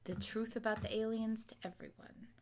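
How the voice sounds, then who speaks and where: A woman co-hosting a podcast in casual chat, expressive and talkative, with sighs and groans. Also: on the high side, normal speed. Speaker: podcast co-host recapping a TV episode.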